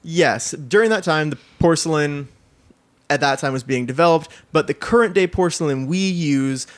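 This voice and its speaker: A man with a somewhat higher voice co-hosts a chatty podcast. He is animated and keeps slipping into quoted voices as he retells a story. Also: normal speed. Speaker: podcast co-host. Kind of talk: casual chat.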